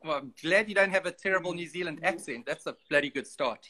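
A man's voice: fairly high pitch, fast talker, bright, forceful tone. A man hosting a casual interview over a video call, chatty and teasing in his banter. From South Africa. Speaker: host.

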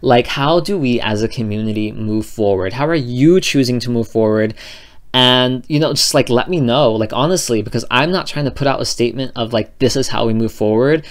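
A man's voice: medium pitch, a little fast. A man vlogging about fashion to camera, chatty and dramatic, filling his talk with "like" and "you know". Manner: gushing, dramatic, filler-heavy with constant "like". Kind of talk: casual chat to camera.

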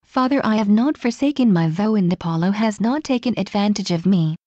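Brief: woman reader voicing a steely moon goddess, calm and defiant, mellow and dry. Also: mid-range voice, brisk, no echo, highs cut off, close to an everyday voice. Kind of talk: reading a fan story aloud.

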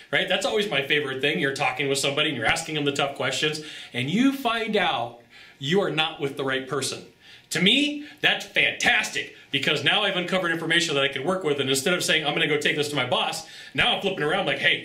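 A man coaching on sales in an animated, joking way, often jumping into high, acted-out voices. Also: roomy sound. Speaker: sales trainer. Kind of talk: energetic motivational sales coaching monologue.

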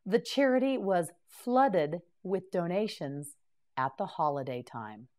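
A woman teaching English vocabulary in a scripted lesson. She pronounces each word clearly, pauses for the learner to repeat it, and answers with short praise. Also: on the low side, animated, a little mellow. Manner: clear, careful enunciation with short encouraging praise.

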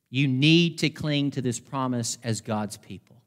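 A man preaching a sermon as pastor, fervent, slowing down to stress key words. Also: mid-range voice. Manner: fervent, slows down for emphasis. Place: church sanctuary. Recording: long hall reverb in a church.

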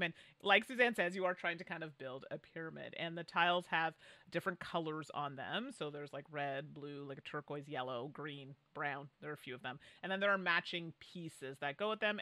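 A woman's voice: low-pitched, lively intonation, a little fast, sharp tone, no room sound. A woman from Canada co-hosting a podcast, chatting casually about board games and laughing often. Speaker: podcast co-host.

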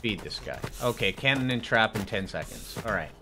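A man's voice: fairly low pitch, animated, a little fast, background noise. A man hosting his own gaming channel, chatting casually and upbeat as he plays. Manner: upbeat, chatty, talks to himself while playing. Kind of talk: casual gameplay commentary.

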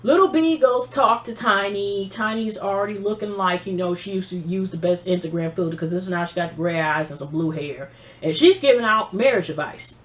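Animated, profane woman recapping reality TV. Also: medium pitch, fairly quick. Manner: animated, profane, mimics people she quotes. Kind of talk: casual episode recap.

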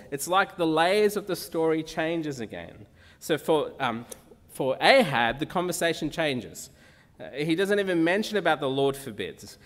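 Guy preaching in church, kinda high voice, chatty, lots of questions to the crowd, long hall echo. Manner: conversational, asks the congregation questions. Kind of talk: sermon.

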